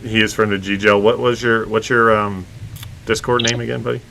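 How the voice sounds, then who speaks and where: A man's voice: on the low side, flat delivery, fairly quick, gravelly, bright, forceful tone, slight background noise, poor audio. A man hosting a casual livestream, chatting easily with his guest and his chat. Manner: laid-back, chatty, chuckles, talks to chat. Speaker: streamer host.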